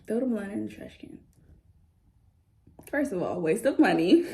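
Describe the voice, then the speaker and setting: A young woman telling a story casually to camera, animated and slangy, swearing often. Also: mid-range voice, moderate pace, pauses often. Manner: animated storytelling, acts out others' voices. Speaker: vlogger.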